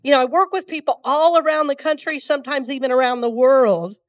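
A woman's voice: high-pitched, brisk, recorded from a distance. A woman from Georgia preaching a conversational sermon to a congregation. She is still getting over a cold and leads the room in call-and-response. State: still has a cold, congested. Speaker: minister.

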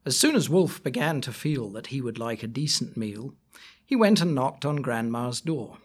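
A man reading a rhyming story aloud, slow and expressive. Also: mid-range voice, husky. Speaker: reader.

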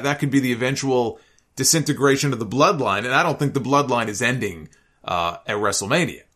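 A man recapping and giving opinions on a wrestling show in a casual, animated storytelling way, sometimes acting out what others said. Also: mid-range voice. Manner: animated storytelling, acts out quoted lines. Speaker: wrestling commentator.

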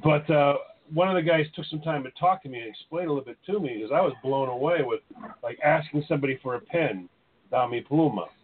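A man's voice: a little high, fast, a little hiss or hum. Rambling man on a tinny line. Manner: rambling, repeats words, profane. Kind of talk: casual podcast chat. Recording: tinny phone-like audio.

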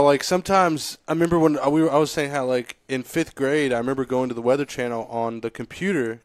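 A man co-hosting a radio show, chatting casually and rambling excitedly with lots of fillers. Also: medium pitch, no room sound. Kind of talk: casual studio banter.

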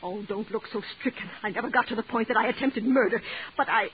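An actress playing a jealous, desperate wife who pleads in a breathless, overwrought way, in 1940s radio acting style. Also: female voice, fairly high pitch, fast, close to an everyday voice. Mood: confessing. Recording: tinny old radio broadcast with hiss.

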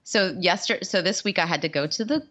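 A woman co-hosting a podcast, chatting casually and telling animated stories, acting out the people she quotes. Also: lowish voice, a little fast, muffled recording. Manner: animated, laughing storyteller who acts out quotes. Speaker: podcast co-host. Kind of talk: casual chat.

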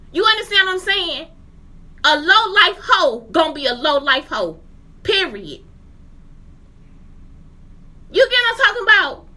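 A woman's voice: very high-pitched, pushed and bright. A woman in her forties, a teacher, delivering a heated, profane rant to her viewers and repeatedly asking if they understand. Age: 40s. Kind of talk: angry rant to camera.

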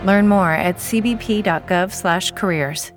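A woman's voice: mid-range voice, unhurried, soft background music, natural voice. A woman narrating a scripted recruiting ad in an earnest, inspiring way. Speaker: recruitment ad announcer.

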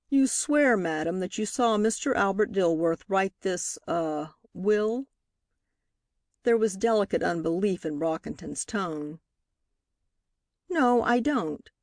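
Woman reading a novel aloud, low voice. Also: darkish tone, no room sound, clean studio sound. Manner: reads dialogue with lifted pitch for characters. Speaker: audiobook reader. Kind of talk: scripted narration of a novel.

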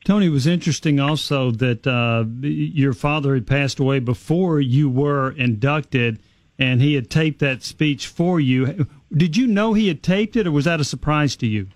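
Male co-host, gentle measured questions, a bit high, dry studio. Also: no echo. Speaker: radio interview co-host. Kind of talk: conversational interview questions.

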